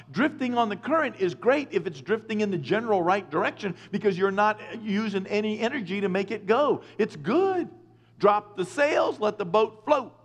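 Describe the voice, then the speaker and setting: A man preaching a conversational sermon, lively and joking, with quick asides. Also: high voice. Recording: echoey hall with long reverb.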